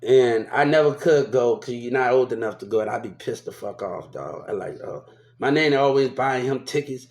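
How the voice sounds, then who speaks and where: In an echoey room, a New Orleans man vlogs a loose, rambling story, profane and full of repetition. He speaks in an animated, mid-range voice at a moderate pace, slightly mellow in tone.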